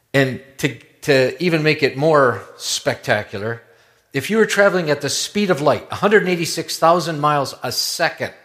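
A man preaching a sermon in a conversational, wondering way, often dropping to a hushed low tone. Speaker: pastor.

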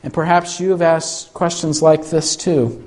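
A man preaching a sermon, slow and emphatic, pleading through rhetorical questions. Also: on the high side, fairly even intonation, a little mellow. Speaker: pastor.

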